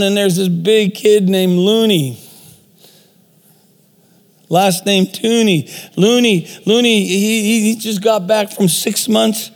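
A man with a high, gravelly voice preaching in a big hall, his words trailing in long reverb. He tells a story and then presses his listeners with rhetorical questions. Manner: storytelling with rhetorical questions, self-deprecating asides. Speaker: speaker. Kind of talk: sermon.

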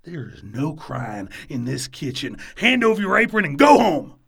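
An actor playing a bossy, perfectionist male head chef who barks sarcastic orders and yells at his kitchen staff. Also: on the high side, very animated, moderate pace, vocal fry, breathy edge, exaggerated voice. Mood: furious. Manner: barking, sarcastic, demanding.

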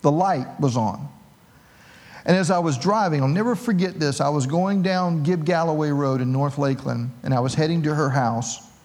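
Middle-aged male pastor, a touch high-pitched, animated sermon storyteller with a joking streak. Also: normal speed. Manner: animated storytelling with self-mocking humor.

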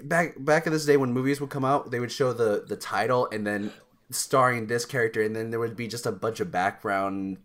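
Young male co-host, mid-pitched, rambly, chuckles a lot, loose and casual. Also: a little fast, a bit bright. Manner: rambling, self-interrupting, laughs often. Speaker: podcast co-host. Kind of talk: casual chat.

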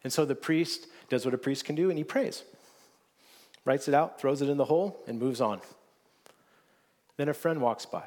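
A man's voice: mid-range voice, normal speed, long pauses, a little mellow. A man preaching a sermon, earnest and often restarting his words, rising into emphatic stretches. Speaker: pastor.

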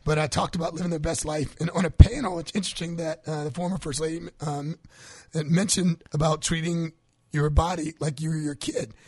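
A man's voice: fairly high pitch, a little fast, husky, dry recording. A man co-hosting a health talk show, chatting casually and acting out quotes as he tells stories. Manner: animated storyteller, acts out quotes. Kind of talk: casual chat.

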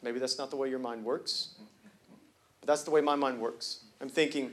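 A man preaching a sermon in a church, talking casually with jokes and slang, then building to loud, emphatic points. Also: mid-range voice, fairly even intonation, normal speed. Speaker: pastor. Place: church sanctuary.

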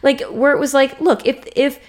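A woman co-hosting a podcast, chatting casually with animated, sarcastic remarks and frequent swearing. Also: sits high, normal speed. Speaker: podcast co-host. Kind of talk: casual chat.

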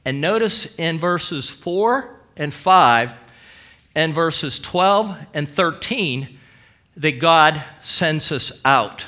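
A man preaching a sermon with emphatic delivery, dramatic pauses and quoted scripture. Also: on the high side, lively intonation, pushed and bright. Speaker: pastor.

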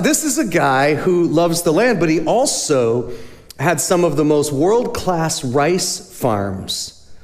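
A man speaking as a charity's guest speaker, telling stories in a lively sermon style and acting out the voices of the people he quotes. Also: a little high. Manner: animated storyteller, acts out quoted voices. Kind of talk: storytelling sermon talk. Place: church sanctuary. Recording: long hall reverb.

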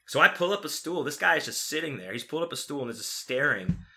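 Brief: young man, very bright tone, lively profane storyteller, casual podcast chat. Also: fairly high pitch, fast. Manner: profane, animated storytelling with acted-out quotes.

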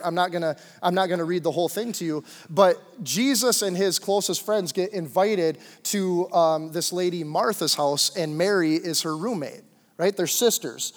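Young guy pastor, high voice, chatty sermon w lots of likes and ums, big echoey church hall. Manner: casual, conversational preaching with many fillers. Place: church sanctuary. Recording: long hall reverb.

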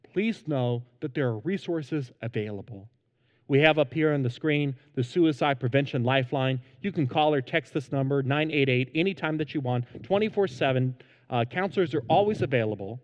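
A man's voice: on the high side, in a large hall, lo-fi sound. A man preaching a sermon as pastor, earnest and emphatic, in a church sanctuary.

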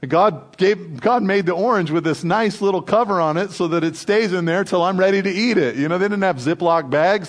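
A pastor with a medium-pitched voice preaches a sermon earnestly and conversationally. On his key lines he slows down and drops to a near hush.

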